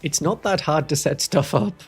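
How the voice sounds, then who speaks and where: Husky man with a softened Northeast English accent. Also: a little high, normal speed. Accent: toned-down Northeast English. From Northeast England. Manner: chatty, wry, rambling asides. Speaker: Warhammer streamer. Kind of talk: live stream chat answering viewers. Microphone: studio microphone.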